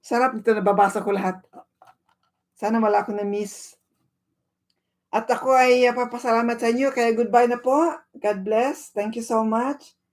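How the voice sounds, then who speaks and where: A woman's voice: fairly high pitch, fairly even intonation, a little fast, a little mellow. A woman in her sixties with a Filipino accent, hosting a casual livestream and greeting viewers by name while switching between English and Tagalog. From Philippines. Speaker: livestream host.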